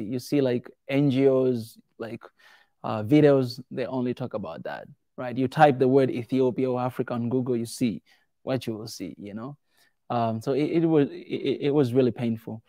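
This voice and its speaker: A man's voice: medium pitch, dry recording, studio quality. Man telling stories to a small crowd. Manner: animated, acts out quoted voices. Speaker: speaker answering audience questions. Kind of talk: casual storytelling talk.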